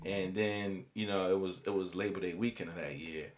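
A man telling a story in casual chat, slangy and animated, jumping his voice up to act out quoted people. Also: low voice, moderate pace.

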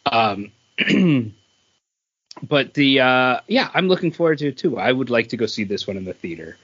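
A man's voice: mid-range voice, big pitch swings, moderate pace, fairly bright tone, slightly rough, muffled recording. A man co-hosting a podcast, talking casually and animatedly, with a lot of fillers. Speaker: podcast co-host. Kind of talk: casual chat.

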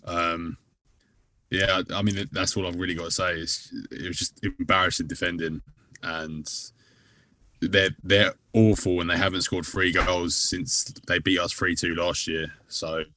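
Deep-voiced hesitant man on a podcast. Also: level tone, unhurried, pushed and bright, no echo. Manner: hesitant, trailing off. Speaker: podcast co-host. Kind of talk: casual chat.

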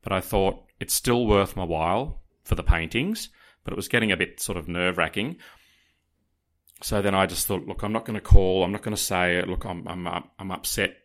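A man, telling a dramatic personal story to podcast listeners in a casual, animated way. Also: deep voice, moderate pace.

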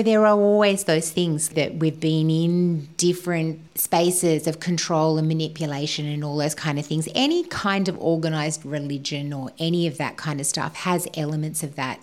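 A woman's voice: deep voice, darkish tone. A woman co-hosting a spiritual podcast, talking in an earnest, flowing way and sometimes dropping to a whisper. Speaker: podcast co-host.

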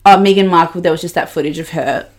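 A young woman co-hosting a podcast, gossiping in a casual, animated, sweary way and mimicking the people she talks about. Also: lowish voice, quick pace. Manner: animated, sweary, mocking quoted voices. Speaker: podcast co-host.

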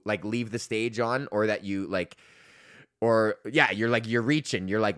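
A man's voice: mid-range voice, fairly bright tone, clear, resonant tone. A young man hosting his own comedy podcast, ranting in a rambling, profane way, laughing often and slipping into mock voices. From Canada. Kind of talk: solo comedic rant.

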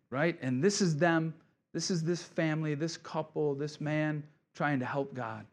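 Middle-aged pastor, man, casual joking sermon delivery, slightly high pitch. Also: unhurried. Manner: casual, joking preacher with asides and voiced quotes. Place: church sanctuary.

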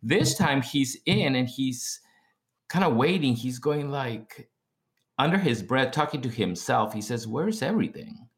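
A middle-aged man telling the story of his own healing as a guest, animated and jumping in pitch when he acts out what others said. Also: a little slow. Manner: animated, acts out quoted speech with big pitch jumps. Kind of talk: testimony storytelling.

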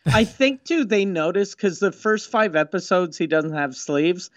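A man's voice: sits high, measured pace, dry recording, muffled recording. Chatty male comedy podcast host, dry sound. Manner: storytelling, chatty, drops swear words. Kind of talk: casual comedy chat.

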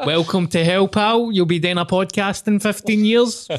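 A man's voice: sits high, moderate pace, no echo, clean studio sound. A young Scottish man hosting a casual podcast chat, candid, joking and swearing freely. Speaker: podcast host.

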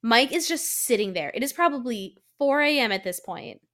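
A woman's voice: a little high, lively intonation, normal speed, fairly bright tone. A woman co-hosting a podcast in casual chat, emphatic and swearing freely as she recaps scenes. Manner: emphatic, swears freely, acts out characters' lines. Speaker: podcast co-host.

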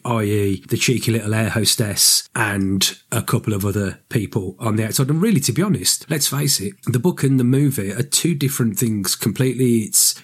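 A man's voice: fairly low pitch, breathy edge. A man co-hosting a podcast, chatting casually about a book and its film, rambling and correcting himself. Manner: rambling, self-correcting, animated. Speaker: podcast co-host.

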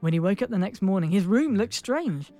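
A woman's voice: medium pitch, animated, a little fast, dark tone, soft background music. A woman narrating a comic fairy tale playfully and laughing at her own slips. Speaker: storyteller.

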